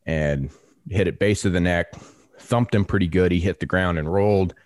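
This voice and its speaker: Male podcast co-host, low voice, dry mic, animated storyteller who acts out the voices. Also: normal speed, dry recording. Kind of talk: casual storytelling.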